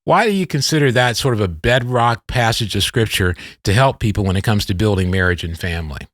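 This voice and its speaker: A man in his fifties hosts a podcast with a low, dry-sounding voice. He tells stories casually and circles back on himself often, restarting sentences as he goes. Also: fairly quick, dry recording. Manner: rambling, animated storyteller with many restarts. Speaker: podcast host. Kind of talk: casual storytelling interview.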